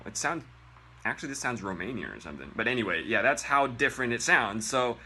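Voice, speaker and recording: A man from Japan hosts a comedic Japanese lesson in a bright, sharp voice that swings widely up and down in pitch. He is animated and profane, and he mocks clumsy pronunciation with exaggerated impressions. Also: fast talker, slight background noise. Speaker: Japanese language teacher. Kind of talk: comedic online language lesson.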